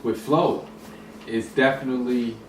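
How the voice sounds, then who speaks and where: A man's voice: mid-range voice, steady tone, a little slow. A man in a casual hip hop discussion, talking in a rambling way with many restarts and fillers. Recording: roomy echo, distant mic, some noise.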